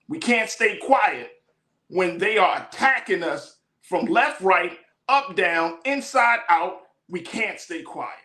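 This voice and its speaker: A man's voice: high-pitched, sharp tone, reverberant. Fired-up male talk show host. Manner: fired-up, preacher-like cadence, addresses viewers as folks. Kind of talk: impassioned live show monologue. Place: studio.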